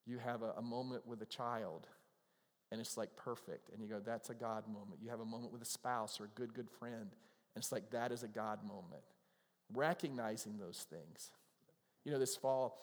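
A man preaching a conversational sermon, earnest and quick to be moved. His voice sits at an ordinary middle pitch. A long hall reverb trails every phrase, as in a church sanctuary. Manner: conversational, earnest, gets emotional. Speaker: pastor.

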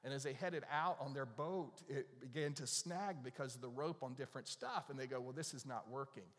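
A man's voice: mid-range voice, fairly quick. A man preaching a conversational sermon, telling a story and asking the audience questions. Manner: animated, asks the audience questions. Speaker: pastor. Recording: long reverb of a large hall.

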